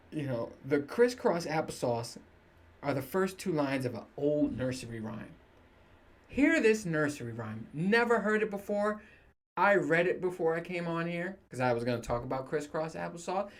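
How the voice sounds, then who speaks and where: Profane, laughing man ranting to camera. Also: on the high side. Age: 30s. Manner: profane, joking, laughs often. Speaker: podcast host. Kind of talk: casual solo rant to camera.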